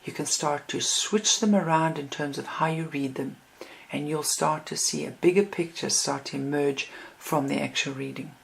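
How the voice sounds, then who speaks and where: A woman with a deep voice explains how to read a card deck. Her voice has a gravelly edge, and she talks in a calm, reflective way, pausing to read sample card readings aloud. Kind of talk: instructional talk.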